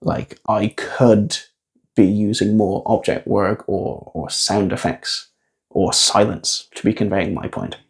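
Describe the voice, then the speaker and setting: A man's voice: fairly low pitch, fairly even intonation, slow pace, creaky. A man who is a guest on a podcast, speaking in a wry, reflective way with small hesitations. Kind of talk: casual conversational podcast.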